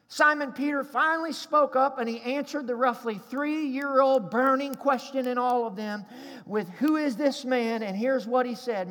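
High-pitched preaching man in a reverberant hall. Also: sharp tone. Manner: emphatic preaching, calls for congregation response. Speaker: pastor. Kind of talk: sermon.

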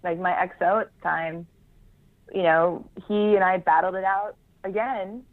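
A woman's voice: fairly low pitch, steady tone, unhurried. Woman on a tinny phone-like line. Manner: frank, self-deprecating, laughs between points. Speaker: Marine Corps veteran guest. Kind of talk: candid interview conversation.

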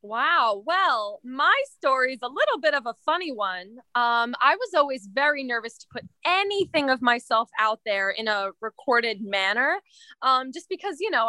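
Bright high-voiced young woman guest. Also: dry recording. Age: young adult. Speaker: guest composer. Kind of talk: interview answers.

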